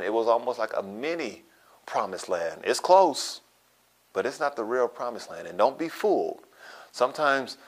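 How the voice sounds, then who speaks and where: A man pastor preaching a sermon, repeating phrases for emphasis and checking in with "okay?". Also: fairly low pitch.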